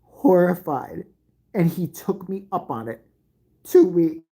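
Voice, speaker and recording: Deep husky lady telling crude stories, dark mellow voice, laughs a lot, swings her pitch all over. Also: animated, a little slow. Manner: brash, profane, laughing through the story. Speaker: storyteller. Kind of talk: profane comic storytelling.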